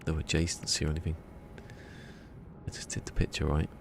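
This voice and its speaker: A man's voice: rumbling low, completely flat delivery, a little fast, gravelly, a little hiss or hum. A man streaming a game, rambling and muttering to himself in a casual chat. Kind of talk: casual gameplay livestream chat. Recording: game music in the background.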